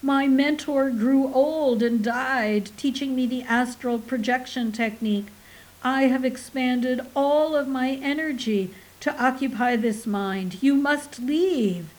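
A grandiose male alien scholar declaims in slow, stentorian tones and wails for his dying world, as a woman reader acts him out. His voice sits high and carries loudly, a pompous storybook figure. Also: animated, low-quality recording. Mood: wailing. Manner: booming, stentorian, wailing.

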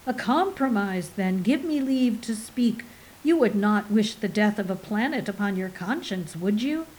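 A grandiose male alien scholar declaims in slow, stentorian tones and wails for his dying world, as a woman reader acts him out. His voice sits high and carries loudly, a pompous storybook figure. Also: animated, poor audio. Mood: pleading. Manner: booming, stentorian, wailing.

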